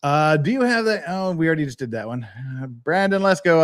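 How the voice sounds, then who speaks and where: A man hosting a live legal commentary stream, his voice pitched a little high and swinging widely as he talks. He jokes with his viewers and reads through court filings in a loose, chatty way. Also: a little fast, clear, resonant tone. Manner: animated, joking, chatty with chat. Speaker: podcast host.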